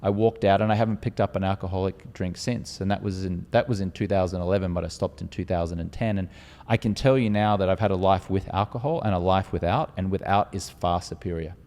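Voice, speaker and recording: An Australian man telling his story as a guest in an interview, animated and acting out quotes. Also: sits low, fast talker, in a large hall. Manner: animated, acts out quotes with voices.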